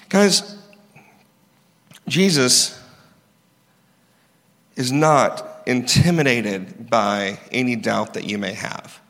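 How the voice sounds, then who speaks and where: Animated male pastor in a reverberant hall. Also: a little high, slow pace. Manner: conversational and animated, acting out the people in the story. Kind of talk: sermon. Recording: long reverb of a large hall.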